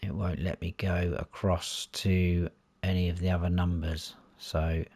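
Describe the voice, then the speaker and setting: Gaming channel host, man, very low unhurried voice, dry close recording, lists menu options one by one. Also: flat delivery, darkish tone, breathy edge, dry recording. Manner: listing options one by one while clicking through menus. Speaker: gaming YouTuber. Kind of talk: console gameplay walkthrough.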